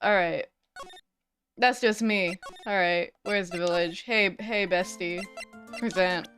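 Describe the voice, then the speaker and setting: A woman's voice: lowish voice, slow pace, a bit bright, soft background music. A woman streamer giving casual, mildly exasperated game commentary, swearing now and then.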